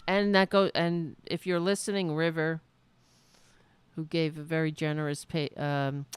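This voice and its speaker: A woman's voice: low-pitched, flat delivery, a little slow, clear, resonant tone, no echo. A woman hosting a political talk livestream, chatting casually with viewers, rambling and breaking off mid-sentence, thanking them effusively and swearing now and then. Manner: swearing, self-interrupting. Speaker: political talk show host.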